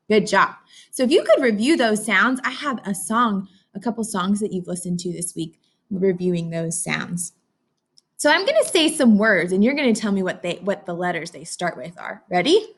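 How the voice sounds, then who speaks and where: A woman's voice: medium pitch, animated, unhurried. A woman teacher giving a read-aloud phonics lesson to young children, encouraging them and talking to them as if they could answer. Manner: sing-song, encouraging, talks to kids as if they can answer.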